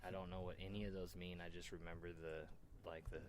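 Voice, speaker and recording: Low-voiced guy chatting with buddies, swears a ton, gets worked up, faint hiss behind. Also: brisk. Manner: animated, swears a lot, laughs while talking. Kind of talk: casual chat. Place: room with friends.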